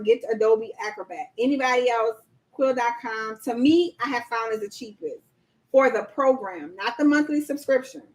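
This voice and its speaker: A woman's voice: on the high side, low-quality recording. A woman hosting a casual livestream, chatty and slangy, quizzing viewers and reading their chat aloud. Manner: laughs often, slangy, addresses audience as y'all. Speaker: livestream host coaching on government contracts.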